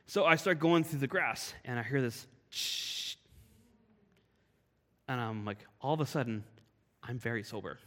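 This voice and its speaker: A man from Canada giving a sermon, telling a personal story in a lively, animated way. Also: medium pitch, fairly quick. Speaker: pastor. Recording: long hall reverb.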